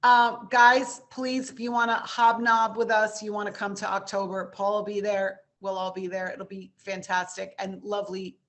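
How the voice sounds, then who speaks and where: A woman from New York with a New York accent, hosting a webinar and wrapping it up in a brisk, chatty, enthusiastic way over a video call. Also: medium pitch, little pitch movement, fairly bright tone. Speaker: webinar host. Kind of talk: casual webinar wrap-up.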